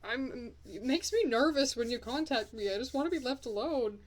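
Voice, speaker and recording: A woman's voice: a little high, lively intonation, normal speed. A woman voicing a nervous young man who wants his ex to leave him alone, in a game commentary. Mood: flustered. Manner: flustered, wants to be left alone.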